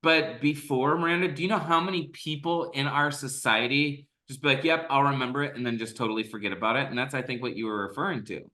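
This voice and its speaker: An energetic man co-hosts a casual podcast, joking around and rambling from point to point. His voice is bright and forward at a middle pitch. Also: fast talker, few pauses. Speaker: podcast co-host.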